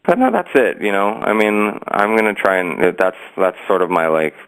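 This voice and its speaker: A man's voice: on the low side, very animated, moderate pace, fairly bright tone, low-quality recording. A man from south Florida, a stage actor and musician, chatting as a guest in a rambling way, with many fillers and restarts. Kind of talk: casual interview chat.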